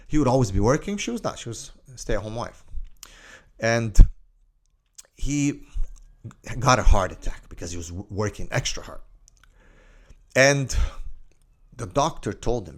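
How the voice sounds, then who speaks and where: Deep gravelly man telling a story. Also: normal speed, pauses often. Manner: lively, scattered storytelling with many asides. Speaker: Islamic life coach. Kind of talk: storytelling monologue.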